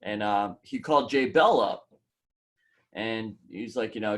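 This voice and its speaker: A man's voice: on the low side, a little slow. A man who co-hosts a podcast, telling a story casually in loose, run-on sentences. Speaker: podcast co-host.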